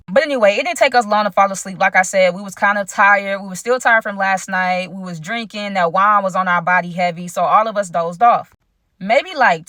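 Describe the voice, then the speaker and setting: Young woman rattling off a storytime to her viewers, super quick, dry close sound. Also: mid-range voice, fairly bright tone, no echo. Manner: rapid, slangy, talks straight to viewers as y'all. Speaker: storyteller vlogger.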